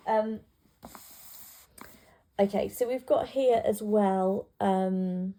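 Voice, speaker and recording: A woman's voice: medium pitch, drawn-out words, pauses often, dark tone. A woman tutor talking through a poem in a casual revision lesson, with plenty of ums and restarts. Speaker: English literature tutor.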